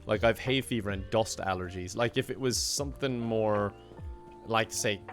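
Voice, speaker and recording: A man's voice: lowish voice, moderate pace, faint music behind. A young man streaming a game, chatting casually, laughing often and reading out donations. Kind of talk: casual live-stream chat while gaming.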